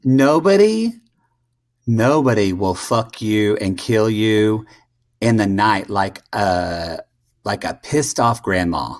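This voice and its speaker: A man's voice: fairly low pitch, expressive, takes it slowly, no room sound, studio quality. A man co-hosting a casual podcast, blunt and profane, with dramatic outbursts. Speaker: podcast co-host.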